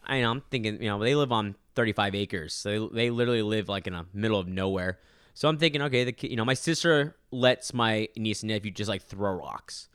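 Smooth, dry-sounding casual male storyteller. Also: lowish voice, a little fast, no room sound. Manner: animated storyteller, acts out quotes, swears casually.

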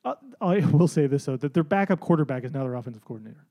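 A man co-hosting a casual sports podcast, dropping wry, teasing remarks and quick agreements. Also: fairly high pitch, lively intonation, mellow. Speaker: podcast co-host.

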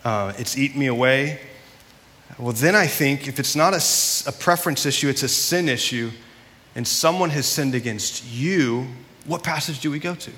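Bright-voiced man preaching in a reverberant hall. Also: on the high side, moderate pace. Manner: earnest, conversational preaching. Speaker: pastor. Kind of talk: sermon.

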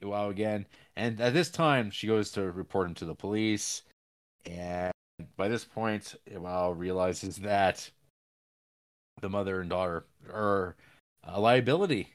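A man casually recapping a film's plot with rambling fillers and restarts, jumping up in pitch when he acts out characters' lines. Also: unhurried.

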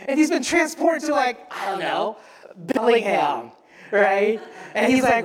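A man preaching a sermon as pastor, telling the story with animated acted-out voices and frequent asides to the congregation. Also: extremely high pitch, unhurried, roomy sound.

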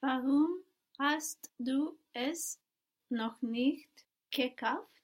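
A woman with a high voice answering a teacher's prompts as a language student. She speaks slowly and carefully, giving brief replies one word at a time. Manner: short, hesitant answers word by word. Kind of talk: answering in a lesson.

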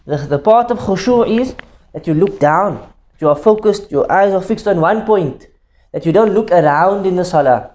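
A man's voice: sits high, expressive, moderate pace, a little mellow. A man teaching a religious class in an explanatory tone, who repeats each point and keeps checking that students understand, with Arabic phrases mixed in.

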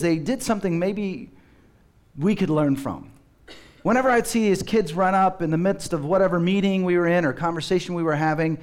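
Male pastor, sermon, storytelling, fairly high voice, playful voice-acting of kids. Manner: storytelling, acts out children's voices with humor.

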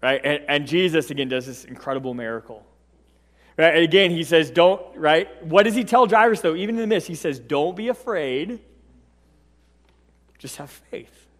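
A man preaching a sermon, telling a story in a lively way, acting out the quotes and often asking "right?". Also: a little high, brisk. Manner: animated storytelling, acts out quotes, frequent "right?". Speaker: pastor. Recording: long reverb of a large hall.

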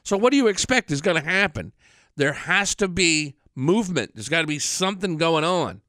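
A man hosting a podcast, talking in a rambling, frank casual monologue, congested and clearing his throat from allergies. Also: a little high, expressive, moderate pace, bright, forceful tone, no echo, studio quality. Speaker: podcast host. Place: studio.

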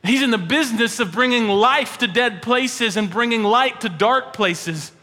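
Man, pastor, sermon, emphatic, high-pitched, bright tone. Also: unhurried. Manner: emphatic, rising to animated peaks then dropping to a hushed prayer. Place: church sanctuary. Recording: long church hall reverb.

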